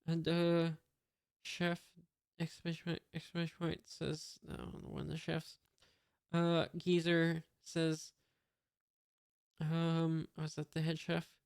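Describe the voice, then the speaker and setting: A reader reading a comic aloud in a monotone, reading out sound effects and punctuation with many hesitant fillers. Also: medium pitch, slow, clear, resonant tone, no echo, studio quality.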